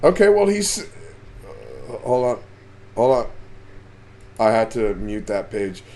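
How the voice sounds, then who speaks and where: A man's voice: mid-range voice, big pitch swings, slow, a little mellow, a little hiss or hum. A man hosting a casual live stream about fishing, chatting and reading out the names of viewers as they join.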